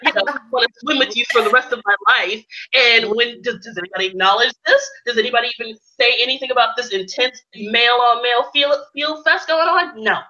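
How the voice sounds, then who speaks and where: A woman streamer chats casually in a high, bright voice, gushing and ranting like an eager fan. Her stream audio sounds dull and lo-fi. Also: brisk, hardly any pauses. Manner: animated, gushing fangirl rants. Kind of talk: casual chat.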